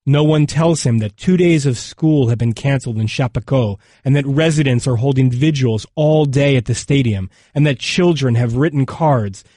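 A man narrates a documentary in a measured, somber voice at a middling pitch. The sound is close and dry, with no room around it. Each sentence is weighed and left to settle before the next one. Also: dark tone, dry recording. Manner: measured, somber, unhurried delivery.

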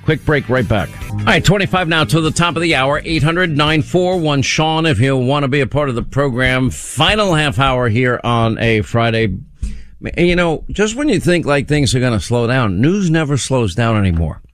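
A man's voice: mid-range voice, no echo. Talk radio host, male, dry close studio sound, wry and rambling.

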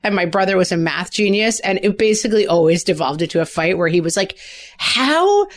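Woman podcast host, lively, jokey about herself, casual chat. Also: on the low side. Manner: lively storytelling with quick self-deprecating asides.

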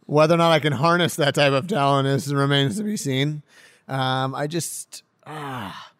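A young man, a professional hockey player, chatting casually in an interview, excitable and rambling, laughing often. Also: medium pitch, moderate pace, no echo. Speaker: pro hockey player guest.

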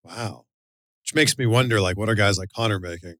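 A man's voice: on the low side, brisk, a bit bright, no echo, clean studio sound. A man hosting an interview, asking curious questions in an easygoing, casual way. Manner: curious, easygoing, laughs along. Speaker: interview host.

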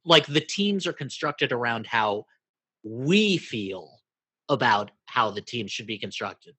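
A man's voice: mid-range voice, sing-song, slow, bright, forceful tone, husky, no echo. A man from Brooklyn co-hosting a casual podcast, thinking aloud and hedging with "like". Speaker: podcast co-host. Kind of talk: casual chat.

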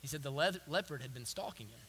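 A young man preaching a sermon, swinging from hushed storytelling to loud emphatic preaching, with repeated phrases and restarts. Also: mid-range voice, lively intonation, quick pace, a little hiss or hum. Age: young adult. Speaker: pastor.

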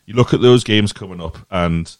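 At a moderate pace and with no room sound, a man with a lowish voice hosts a casual football podcast. He gives sincere opinions, drifting as he talks and often repeating himself.

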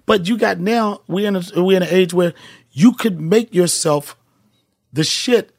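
A man's voice: high voice, a little slow, vocal fry, darkish tone, dry recording, studio quality. A middle-aged male comedian, telling emphatic, profane stories as a podcast guest. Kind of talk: casual podcast chat.

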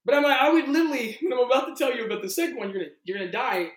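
A male actor telling audition stories in a casual interview, animated and full of "like". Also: very high voice. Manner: animated, fast-shifting, heavy use of "like". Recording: roomy echo.

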